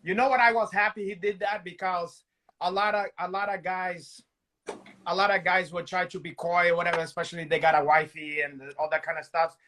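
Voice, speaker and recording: High-voiced joking male co-host. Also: steady tone, brisk, bright, forceful tone. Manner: joking, profane banter. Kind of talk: casual chat.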